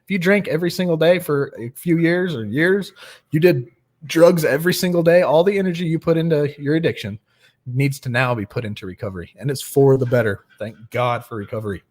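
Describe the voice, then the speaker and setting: A man's voice: a little high, a little fast, a little mellow. Friendly man hosting a recovery livestream. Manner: friendly, greets viewers by name. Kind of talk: casual livestream chat.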